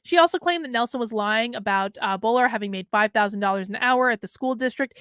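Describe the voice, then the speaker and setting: A woman hosts a commentary show, reading news items aloud and breaking off into sarcastic, scornful asides. Her voice sits a bit high, and she wanders through her points. The recording is dry and close. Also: fast talker, few pauses, fairly bright tone, smooth, dry recording. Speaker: political commentary host.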